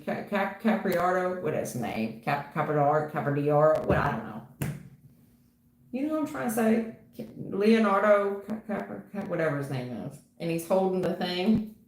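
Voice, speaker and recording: A woman reading tarot for viewers on a livestream, blunt and casual, calling people hun and baby, laughing and swearing. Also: fairly low pitch. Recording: roomy echo with faint noise.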